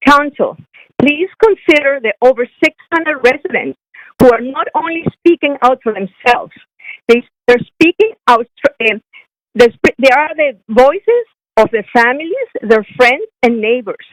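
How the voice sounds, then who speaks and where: A woman's voice: high voice, expressive, a little slow, fairly bright tone, no echo, poor audio. A middle-aged woman calling in by phone to give an earnest prepared comment at a council meeting, with small restarts as she reads. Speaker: public speaker at council, swim coach. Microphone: phone line.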